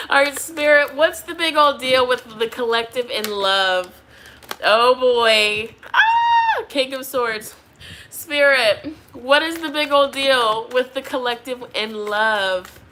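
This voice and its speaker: A woman's voice: high-pitched, big pitch swings, takes it slowly, bright, forceful tone, slight background noise. A pregnant young woman doing a tarot reading, chatting casually with viewers and laughing often. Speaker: tarot reader.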